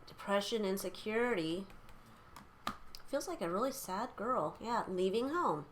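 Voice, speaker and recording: A young woman talks through a tarot reading in a loose, chatty way, blunt and quick to swear. Her pitch sits in a middle range, and a faint room hum runs beneath her voice. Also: animated. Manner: chatty, blunt, swears freely, lots of fillers. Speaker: tarot reader. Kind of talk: casual chat during a tarot reading.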